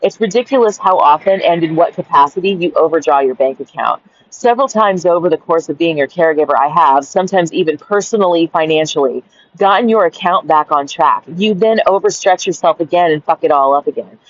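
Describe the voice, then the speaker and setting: A woman's voice: deep voice, brisk, dry recording, lo-fi sound. A woman and caregiver reading her journal aloud and ranting in a blunt, profane, exasperated way.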